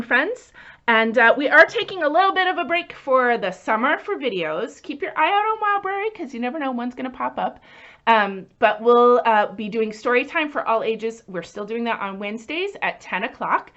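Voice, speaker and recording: A woman children's librarian leading a story time lesson, animated and singsong, asking the children questions as she goes. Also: on the high side, moderate pace, highs cut off.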